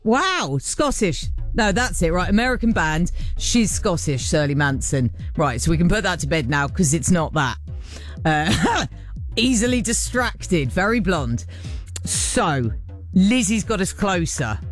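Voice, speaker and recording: A woman's voice: lowish voice, very animated, unhurried, soft background music. A woman presenting a radio show, chatting playfully with listeners and laughing at herself. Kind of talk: casual radio chat with listeners. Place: radio studio. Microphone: studio microphone.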